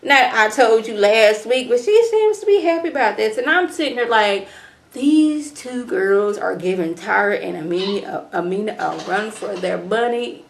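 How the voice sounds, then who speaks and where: A young woman recapping a reality show in a sassy, animated way, mimicking the people she talks about. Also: mid-range voice, normal speed, creaky. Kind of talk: casual recap commentary.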